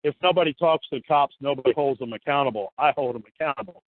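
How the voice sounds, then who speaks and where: A man's voice: mid-range voice, quick pace, no room sound. Rambling, cussing man on a tinny line. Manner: rambling, swears, acts out officials' lines. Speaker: guest, citizen journalist. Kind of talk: casual talk-show chat. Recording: dry tinny phone-like audio.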